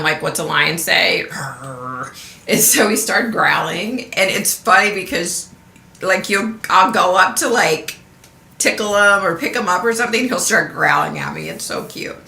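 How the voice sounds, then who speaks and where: Chatty woman telling stories, bright tone. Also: lowish voice, vocal fry, roomy sound. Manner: chatty storyteller, laughs often, acts out quotes. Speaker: vlogger. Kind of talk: casual livestream chat.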